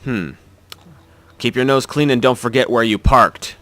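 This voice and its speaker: A man voicing a gruff, grumpy male island mayor in a video game, curt and dismissive. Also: medium pitch, unhurried, fairly bright tone, dry recording, close to an everyday voice.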